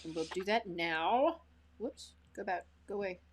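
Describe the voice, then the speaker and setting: A woman's voice: medium pitch, expressive, a little slow. A woman co-hosting a live stream in casual chat, giggling often and reading out viewer comments. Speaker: co-host.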